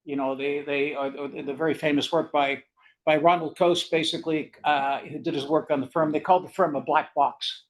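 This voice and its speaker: An older man with a Canadian accent giving an academic seminar lecture in a fast, rambling, conversational way. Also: fairly high pitch, steady tone, low-quality recording. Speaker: guest lecturer.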